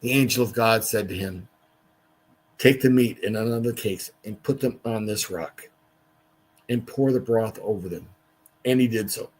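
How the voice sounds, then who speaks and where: A man's voice: fairly low pitch, breathy edge. A man hosting a casual livestream Bible study, reading scripture aloud and stopping for chatty asides.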